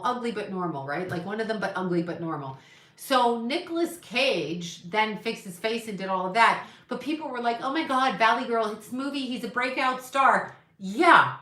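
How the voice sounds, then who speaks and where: A woman's voice: medium pitch, pushed and bright. A woman hosting a casual livestream, chatting in an opinionated, gossipy way while she reads viewer comments. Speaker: psychic livestream host. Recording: echoey room.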